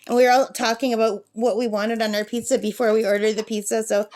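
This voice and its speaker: Chatty middle-aged woman vlogging at a campsite, slightly high voice, faint background noise. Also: little pitch movement, fast. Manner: chatty, reads out number codes, coos at her parrot. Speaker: craft vlogger. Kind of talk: casual chat while crafting.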